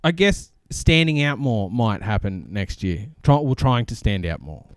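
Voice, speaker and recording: A man co-hosting a casual podcast, easygoing and quick to laugh. His voice comes through smooth and clear, recorded close and dry with no room sound. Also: fairly low pitch, animated, no echo. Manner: jokey, laughs often, agreeable. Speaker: podcast co-host. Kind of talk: casual chat.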